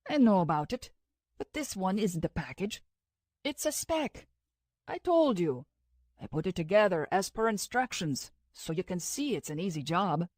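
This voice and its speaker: A woman's voice: lowish voice, sing-song, normal speed, a little mellow, no room sound. Audiobook figure: dazed young man, slurred and drowsy, stubborn, read by a woman narrator, dry close sound. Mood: groggy. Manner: slurred, drowsy, matter-of-fact.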